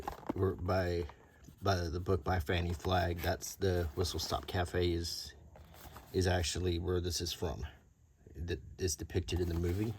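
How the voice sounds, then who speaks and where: A man from Alabama with a faint Southern accent, talking softly and unhurriedly in a show-and-tell video, with many ums and uhs. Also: sits low, breathy edge. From Alabama, USA. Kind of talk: soft-spoken unintentional ASMR show and tell.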